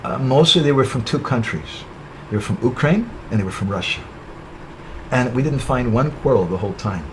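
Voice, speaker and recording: Against a noisy background, a medium-pitched man with lively intonation talks at a normal pace. He is a spiritual speaker on a webinar call, relating a parable as a sermon and regularly tacking on "right?" or "huh?".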